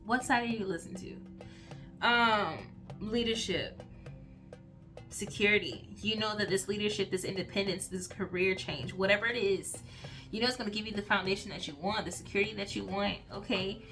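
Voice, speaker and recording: A woman's voice: mid-range voice, moderate pace, music in the background. A woman in a casual spiritual reading, talking chattily and rambling, often tagging lines with "okay?" and "like". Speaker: intuitive reader. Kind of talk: casual channeled reading to camera.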